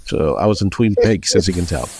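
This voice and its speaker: A man co-hosting a podcast, chatting casually and telling a story, acting out the people in it with lively changes of voice. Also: low voice, a little fast, breathy edge. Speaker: podcast co-host.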